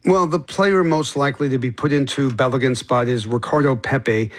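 A man reporting on sports in a radio news interview, measured and explanatory with occasional fillers. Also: mid-range voice, fairly even intonation.

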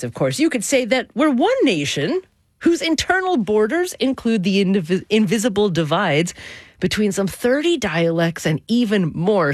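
A woman hosting a public radio talk show, speaking articulately in a clear studio voice. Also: lowish voice. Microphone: studio microphone.

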